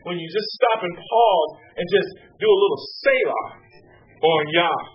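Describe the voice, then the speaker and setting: A man preaching a sermon, swinging from high exclamations down to low hushed tones. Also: normal speed. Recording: distant mic, muffled sound, faint hum.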